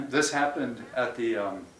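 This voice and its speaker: Brief: mid-pitched male co-host, short quips, distant mic with faint background noise. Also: slow, a bit bright, roomy sound. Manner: short interjecting questions. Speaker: martial arts co-host. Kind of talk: casual chat.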